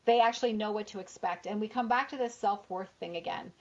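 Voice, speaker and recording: A woman's voice: medium pitch, fast. A woman hosting a spiritual radio talk show, chatting casually and explaining ideas with lists of opposites and frequent "right?" checks. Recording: dull lo-fi radio audio.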